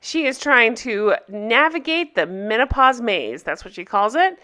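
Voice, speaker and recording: Bright, chatty woman recapping a film. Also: on the high side, very animated, clear, resonant tone. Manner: chatty, gossipy and opinionated, with quick asides. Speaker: recap host. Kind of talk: casual recap chat.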